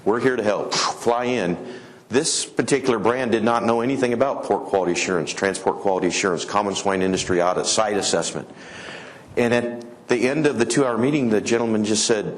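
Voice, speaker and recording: A middle-aged man from Colorado giving a conference talk, an animated storyteller who acts out the people he quotes. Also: medium pitch, fairly quick. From Colorado, USA. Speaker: conference speaker. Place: conference hall.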